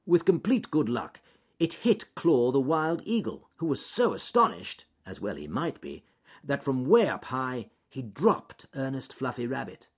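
A man reading a children's story aloud, with expressive narration and wry asides. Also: medium pitch, a little slow, breathy edge.

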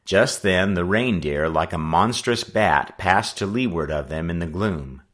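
Low-voiced guy reading an audiobook, really lively swings, bright punchy tone. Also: a little slow. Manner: animated reading. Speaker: audiobook narrator. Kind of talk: audiobook narration.

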